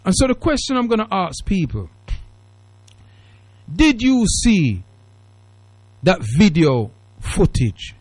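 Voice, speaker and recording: A man's voice: high voice, huge pitch swings, slow, long pauses, a little mellow, no room sound, faint music behind. Patois-flavoured british guy hosting a radio call-in, preachy and emphatic, voice jumps all over, dry studio sound. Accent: Jamaican Patois-tinged British English. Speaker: radio talk show host. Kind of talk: casual call-in radio talk.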